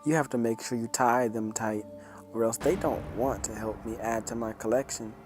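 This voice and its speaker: A man narrating a horror story in a calm, measured reading. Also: mid-range voice, over music.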